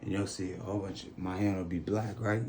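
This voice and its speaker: A man's voice: deep voice, little pitch movement, fast talker, background noise. A man in his thirties from Phoenix, telling stories in a loose, profane way with lots of fillers, on an outdoor balcony. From Phoenix, Arizona. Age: 30s. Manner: laid-back, profane, rambling with many fillers. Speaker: interview guest. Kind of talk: casual storytelling.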